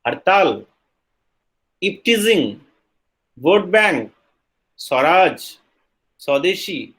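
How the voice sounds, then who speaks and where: A man's voice: high-pitched, big pitch swings, extremely slow, a bit bright, low-quality recording. A man giving a recorded university lecture, explaining in a loose, discursive way and often adding "you know" and "you see.".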